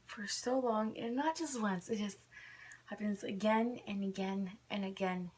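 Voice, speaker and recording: A young woman vlogger with a husky, darkish, mid-range voice rants casually to the camera at a measured pace. She's irritated and leans on "like" constantly.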